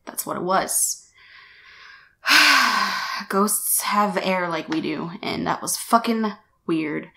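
A woman vlogger speaking straight to the camera at a middling pitch for a woman. Her talk is loose and chatty, packed with "like" and "you know", with the odd casual curse word. She is picked up by a shotgun mic mounted on the camera. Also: animated, slow pace, creaky, pauses often, sharp tone. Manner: casual swearing.

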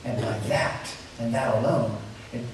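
A man's voice: mid-range voice, unhurried, heavy reverb, far from the mic, slight background noise, low-quality recording. A man pastor preaching a sermon verse by verse, asking the congregation rhetorical questions and repeating key points.

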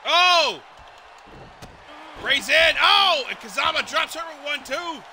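A man calling a wrestling match as commentator, with excited play-by-play that keeps breaking into shouts, exclamations and swearing. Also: extremely high pitch, slow, a faint crowd, a little hiss or hum.

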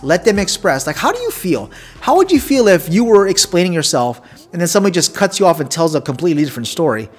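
A man's voice: sits high, big pitch swings, fast talker, slightly rough. Male podcast host, casual explainer, wry and emphatic, faint music behind. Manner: conversational, wry, emphatic asides. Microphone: desk condenser mic.

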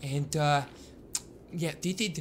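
A man voicing a nerdy young man in glasses who talks in a slow, mild, know-it-all way. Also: a little high, fairly even intonation, a little hiss or hum. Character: nerdy bespectacled young man explaining things. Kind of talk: put-on character voice in a gaming video.

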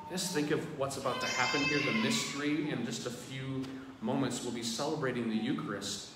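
A priest preaching to his congregation in a relaxed, conversational manner. His voice sits at an ordinary male pitch and rings through a huge, echoing church. He is heard from some way off the mic, with a steady background hiss. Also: brisk. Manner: conversational, addresses the congregation directly. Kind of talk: sermon. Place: large church. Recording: very echoey church, distant mic, background noise.

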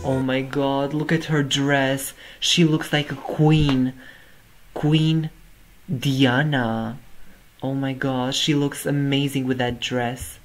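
A man's voice: mid-range voice, flat delivery, slow pace, poor audio. A man hosting a music reaction video, gushing over the performance and exclaiming over and over in amazement. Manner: effusive, keeps exclaiming "oh my god". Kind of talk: reaction commentary.

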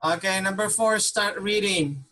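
A man's voice: high voice, a little slow, pushed and bright. A man teaching an online Tagalog class, patiently repeating questions and mixing Tagalog with English.

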